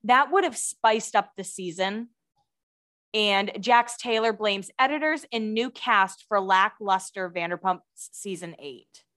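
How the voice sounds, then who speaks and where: A woman's voice: medium pitch, measured pace, fairly bright tone. A woman co-hosting a podcast, reading gossip items aloud and chatting with giggly asides. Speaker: podcast co-host.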